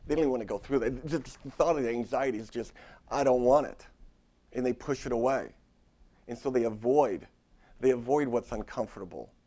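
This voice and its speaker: A man's voice: mid-range voice, fairly quick, mellow. A middle-aged man, a therapist giving a live lecture to other therapists, talking straight to the audience with emphatic repetition. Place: lecture room at a university.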